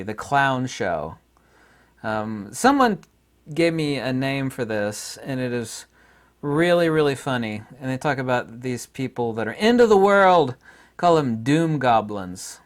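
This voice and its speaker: Sarcastic rambling man vlogger. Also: mid-range voice. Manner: sarcastic, rambling, laughs at his own jokes. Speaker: YouTube vlogger. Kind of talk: casual talk to camera.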